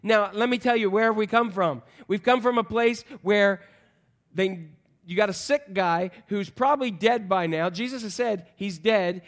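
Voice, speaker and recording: Sitting high in pitch and moving at a moderate pace, a man preaches in a conversational, joking manner. This pastor likes to pose questions to his congregation.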